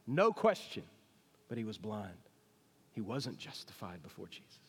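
A man's voice: on the low side, sing-song, moderate pace, a little hiss or hum. A man preaching a sermon to a congregation, talking it through in a conversational way and often asking the people questions. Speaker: pastor. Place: church sanctuary. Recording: long reverb of a church hall.

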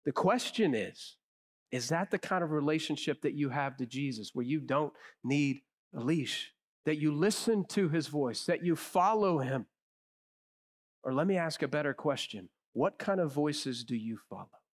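Emphatic preaching man, slightly high. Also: moderate pace. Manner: emphatic, dropping to a hushed low voice on key phrases; animated storyteller. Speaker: pastor. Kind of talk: sermon.

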